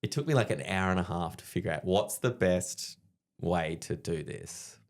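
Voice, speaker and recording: A man in his thirties with an Australian accent, telling profane, animated stories in casual chat as a guest comedian. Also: sits low, moderate pace.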